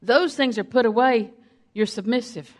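A woman's voice: fairly high pitch, normal speed, a little mellow. An older woman delivers a sermon with emphatic repetition. She drives her points home through stories told from the pulpit. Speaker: preacher.

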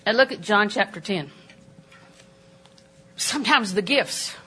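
An older woman preaching a sermon in a church auditorium, animated and emphatic, with sudden jumps in pitch. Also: measured pace, long pauses.

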